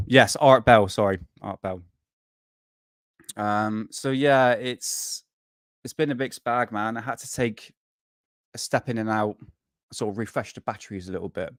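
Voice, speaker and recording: A man's voice: medium pitch, a little slow, pauses often, no room sound, studio quality. A man hosting a casual live stream, rambling and swearing freely, worn out and burnt out, chatting to viewers. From United Kingdom.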